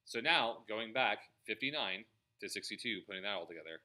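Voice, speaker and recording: A man's voice: lowish voice, animated, brisk, sharp tone. A man teaching a trumpet lesson, explaining measures and singing the rhythms aloud between bits of playing. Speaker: music teacher. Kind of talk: instrument practice lesson.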